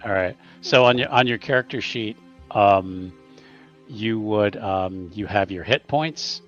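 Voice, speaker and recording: A man's voice: fairly low pitch, a little slow, fairly bright tone, soft background music. Laid-back male game master, lo-fi sound. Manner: casual, filler-heavy narration. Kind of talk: narrating a tabletop game.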